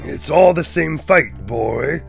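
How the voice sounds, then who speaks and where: A man voicing a stern, ancient male frog spirit in a measured, commanding, gravelly voice, in an audiobook. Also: fairly high pitch, expressive, faint music behind, voice pushed up, full character voice. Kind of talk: audiobook character voice.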